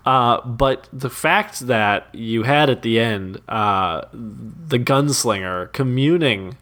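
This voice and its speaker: A man's voice: mid-range voice, slow, fairly bright tone. A man co-hosting a podcast, talking enthusiastically in a rambling way with frequent restarts. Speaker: podcast co-host. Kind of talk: casual chat.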